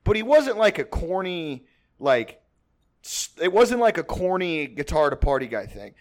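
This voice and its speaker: Man from Texas, podcast host, high voice, casual storytelling, rambling, profane, laughs a lot. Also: very animated, a little slow. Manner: rambling, profane, laughs often, many restarts.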